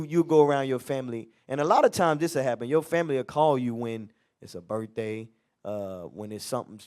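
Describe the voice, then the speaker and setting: A man's voice: medium pitch, darkish tone. A man leading a Bible class in a loose, conversational preaching manner, acting out everyday quotes. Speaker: teacher. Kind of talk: street-style Bible class teaching.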